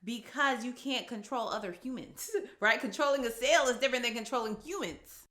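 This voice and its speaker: A woman hosting a podcast, chatting and telling stories in a lively way, laughing easily. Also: fairly high pitch, a little fast. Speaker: podcast host. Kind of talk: interview conversation.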